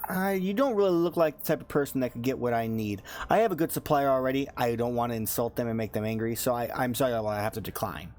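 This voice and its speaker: A man doing a brisk, polite tiefling shopkeeper. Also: medium pitch, darkish tone, natural voice. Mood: politely declining. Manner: quick, apologetic and courteous.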